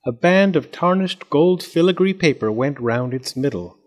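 A man reading a children's storybook aloud, narrating in an expressive, measured way. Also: a little high.

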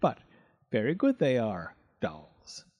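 A man's voice: medium pitch, wildly swooping pitch, takes it slowly, a little mellow, exaggerated voice. A man voicing a gleeful vain storybook creature. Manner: gleeful, boastful, smacking lips. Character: vain fierce doll-eating male creature.

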